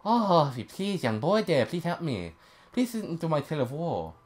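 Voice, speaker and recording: A man's voice: sing-song, normal speed. A man voicing a whiny male beggar with theatrical, wheedling pleas. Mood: pleading. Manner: theatrical, high whining pleas. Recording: faint music behind.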